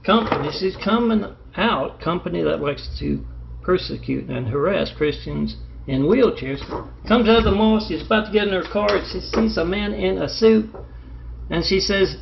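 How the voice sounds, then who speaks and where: A man's voice: sits high, normal speed, vocal fry, noisy background. A man telling a rambling, meandering story that jumps between loose threads. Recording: echoey, dull lo-fi recording.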